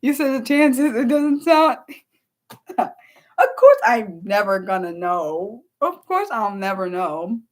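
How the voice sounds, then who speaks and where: Taking things slowly in a sing-song, slightly high voice, a young woman rambles through an unplanned livestream. She keeps interrupting herself to answer her chat aloud.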